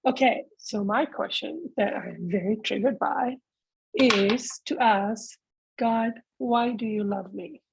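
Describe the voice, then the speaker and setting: Female discussion leader, breathy and a touch high, laughs easily, dry close sound. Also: slow pace, dry recording, poor audio. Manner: reflective, laughs easily, calls on members by name. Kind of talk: casual group discussion.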